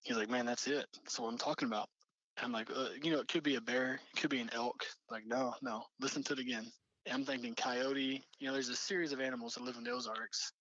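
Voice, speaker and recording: A man's voice: mid-range voice, fast talker, fairly bright tone, no echo, lo-fi sound. Man telling a campfire tale. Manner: rambling, many fillers and restarts. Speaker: storyteller recounting an encounter. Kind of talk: casual spoken storytelling.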